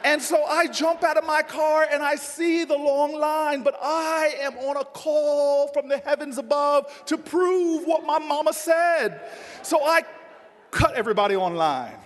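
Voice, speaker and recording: A man with a very high voice tells a comic story at a political dinner, animated and often shouting. His voice rings through a big hall with long reverb. Faint noise sits underneath. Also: a little slow. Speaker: politician giving a dinner speech. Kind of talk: humorous storytelling speech.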